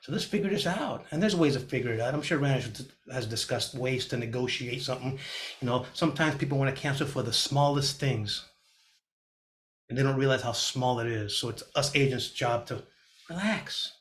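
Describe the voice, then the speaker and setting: At a moderate pace, a middle-aged man teaches real estate on a video call, keeping things energetic and motivational and often mimicking panicked clients in a higher pitch. A faint hiss or hum sits under the audio.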